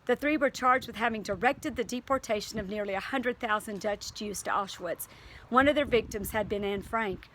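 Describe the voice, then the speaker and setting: A woman's voice: fairly high pitch, moderate pace, a bit bright, slight background noise. A woman teacher reading aloud to her class and then talking it over earnestly, with fillers and restarts.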